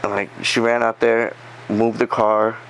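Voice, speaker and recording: A man telling a story in a casual podcast chat, animated, swearing and acting out the quotes. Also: fairly low pitch, measured pace, a little hiss or hum, low-quality recording. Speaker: podcast guest.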